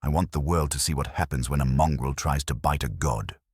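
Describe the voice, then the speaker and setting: A man voicing an arrogant, menacing superhero who speaks in a low, contemptuous purr. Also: fairly quick, husky, no echo, clean studio sound. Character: arrogant, menacing male superhero who thinks he's a god.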